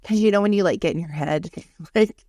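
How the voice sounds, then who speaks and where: A woman in her thirties co-hosting a podcast, chatting candidly with lots of swearing and animated storytelling. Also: on the low side, brisk, no room sound, clean studio sound. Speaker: podcast co-host. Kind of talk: casual chat.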